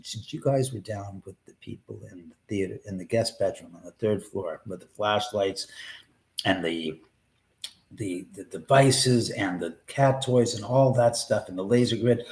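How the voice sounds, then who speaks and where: A man's voice: lowish voice, lively intonation, unhurried. A man hosting a live stream from his home, telling a rambling, profane story in a casual way. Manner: rambling, profane, restarts often. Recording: roomy echo.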